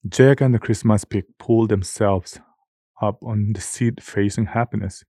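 A man narrating a children's storybook in a measured, steady way. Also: on the low side, no echo, studio quality. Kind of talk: scripted audiobook narration.

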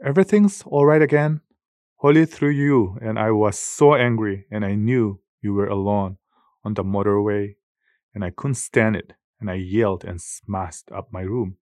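A man's voice: fairly low pitch, normal speed, darkish tone, no room sound, close to an everyday voice. Earnest young boy, raised and eager, close and dry; a man reads him for a storybook. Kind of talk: audiobook character voice.

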